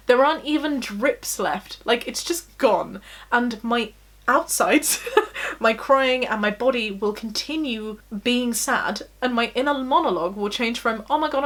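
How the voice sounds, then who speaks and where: A woman's voice: fairly high pitch, fairly bright tone. A young woman vlogging candidly from her bedroom, self-deprecating and laughing often as she talks. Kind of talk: personal confessional vlog.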